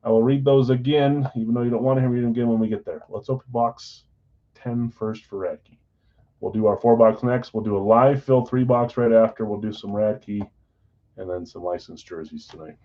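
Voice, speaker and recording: A man hosting a live card break, talking casually and rattling off names and teams in quick runs. His voice sits at an ordinary middle pitch. The stream audio is a little dull and muffled. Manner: chatty, reads out names and teams in quick lists.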